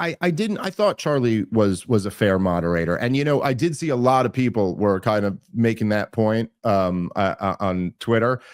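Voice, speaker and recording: A man hosting a podcast, telling a story in casual chat, animated and full of restarts and mocking asides. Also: mid-range voice. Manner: animated, mocking quoted voices, many restarts. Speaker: podcast host.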